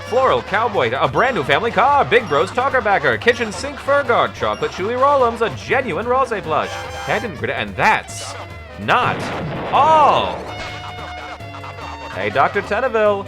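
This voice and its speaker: A man voicing a showy TV-headed male game show host with a put-on mid-Atlantic accent and a booming, salesy delivery.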